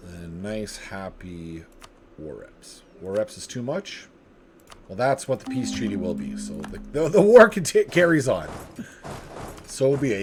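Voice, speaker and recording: A man's voice: lowish voice, very animated, unhurried, slight background noise. A man hosting a strategy game video, casually thinking aloud, chuckling and talking to himself as he plays. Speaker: gaming video host.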